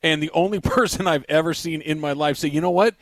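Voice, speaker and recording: Brief: man, late forties, radio co-host, slightly higher voice, lively joking delivery, close dry mic. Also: fast, dry recording. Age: 40s. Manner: animated storyteller, acts out menacing voices. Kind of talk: casual sports-radio banter.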